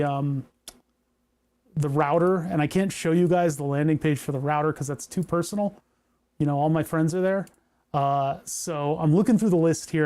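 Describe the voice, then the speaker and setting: Male streamer, higher pitch, casual rambling tinkering talk with wry jokes. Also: a little mellow. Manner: rambling, joking, talks to chat while working. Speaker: maker streaming a hardware project.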